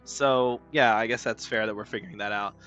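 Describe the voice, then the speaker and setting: 明るい声でふざけて話す男性配信者. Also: male voice, fairly low pitch, fairly even intonation, fairly quick, a bit bright, muffled recording, faint music behind. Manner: joking, rambling, with slang. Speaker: streamer. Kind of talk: casual gameplay commentary.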